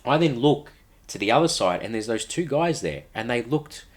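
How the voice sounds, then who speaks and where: A man's voice: medium pitch, lively intonation, normal speed. A man in a podcast interview, earnestly retelling a personal story with vivid acted-out quotes. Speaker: podcast guest.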